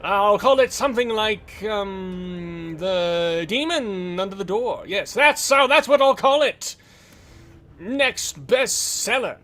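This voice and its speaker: A man voicing a pompous, glory-hungry male detective who is also an author, making grand, booming proclamations. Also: expressive, takes it slowly, a bit bright, full character voice. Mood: triumphant.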